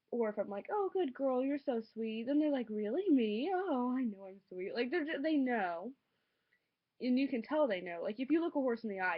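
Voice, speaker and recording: A teenage girl vlogging casually, ranting in an exasperated way with lots of fillers. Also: mid-range voice. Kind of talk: casual vlog monologue. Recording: dull lo-fi home recording.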